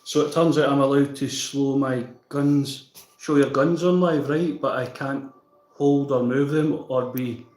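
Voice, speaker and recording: Scottish man, casual livestream chat, mid-pitched voice, echoey room, faint background music. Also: steady tone, unhurried, a little mellow. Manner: chatty, reads out and answers viewer comments.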